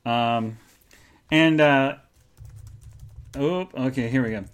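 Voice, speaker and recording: A podcast host on a live online show tells a rambling personal story, chatty and casual with many fillers and asides. His mid-range voice is clear and resonant, moving at a slow pace.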